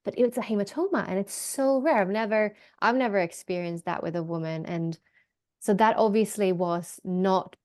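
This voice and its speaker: A woman hosting a birth podcast, speaking in an earnest, reflective way with drawn-out phrasing. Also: mid-range voice, a little mellow, no room sound. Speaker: podcast host, birth worker. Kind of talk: casual podcast chat.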